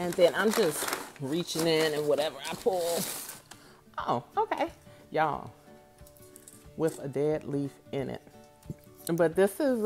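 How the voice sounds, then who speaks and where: Low-voiced woman chatting casually to viewers. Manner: chatty, talks straight to viewers. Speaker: vlogger. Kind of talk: casual chat to camera. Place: at home, off camera.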